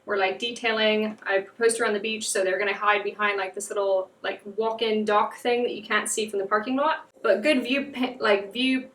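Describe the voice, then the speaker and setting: A woman's voice: mid-range voice, steady tone, brisk, hardly any pauses, fairly bright tone, far from the mic. A young woman from the United States, a podcast guest telling a story in casual chat, full of "like" fillers. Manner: chatty, lots of "like" fillers. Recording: echoey room, off mic.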